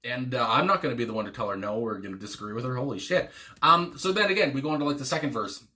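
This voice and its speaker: Man, bright edgy tone, rambling casual commentary, lots of fillers and curse words. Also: mid-range voice, very fast. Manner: rambling and excitable, with frequent fillers, swearing and chuckles. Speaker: music reaction channel host.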